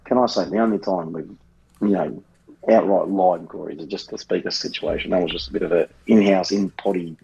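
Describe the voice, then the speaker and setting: Australian male co-host, dark mellow voice, laid-back swearing banter. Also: low voice, fairly even intonation, a little fast, gravelly, breathy edge, highs cut off. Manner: rambling, swears freely, often says the co-host's name. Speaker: podcast co-host. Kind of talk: casual banter.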